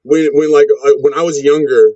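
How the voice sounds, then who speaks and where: A man's voice: on the high side, steady tone, fairly quick, warm tone, no room sound. A man in his thirties, a wrestler, rambling in a casual interview and swearing constantly. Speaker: wrestler, podcast guest. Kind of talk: casual profane interview chat. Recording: dull lo-fi sound.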